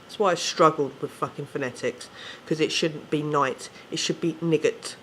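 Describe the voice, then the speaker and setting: A man's voice: fairly high pitch, brisk, sharp tone, slight background noise. A man with an English accent, ranting casually to camera, swearing often and correcting himself as he rambles. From England. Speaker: vlogger.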